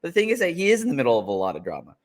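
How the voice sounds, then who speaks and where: A man's voice: mid-range voice, wildly swooping pitch, racing. A man co-hosting a podcast, talking through a fight in easygoing casual chat. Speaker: podcast co-host.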